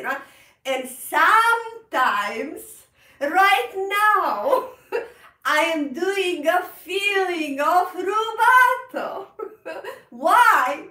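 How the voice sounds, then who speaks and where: Woman piano teacher, high, bright and animated, roomy distant sound. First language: Italian. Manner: laughs often, animated, repeats words, non-native phrasing. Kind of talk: casual online music lesson. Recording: roomy echo, off-mic.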